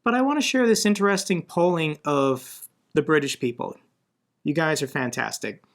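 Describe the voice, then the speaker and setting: A man's voice: a little high, normal speed. A man from the United States giving blunt, conversational commentary on the news, growing more indignant as he argues. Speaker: political commentator. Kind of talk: casual commentary video.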